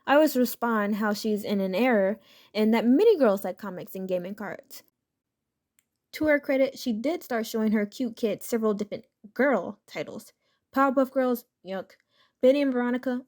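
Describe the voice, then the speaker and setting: A woman with a fairly high voice narrates written stories in a steady, matter-of-fact read. Her delivery is scripted and even, and she keeps a plain storytelling tone throughout. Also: a little fast.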